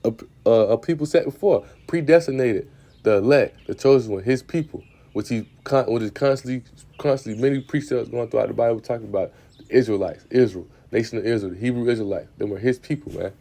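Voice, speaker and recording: A man teaching scripture in a casual, informal way, often adding "man", stammering on repeated words and slowing down to read verses aloud. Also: mid-range voice, dark tone. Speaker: religious speaker.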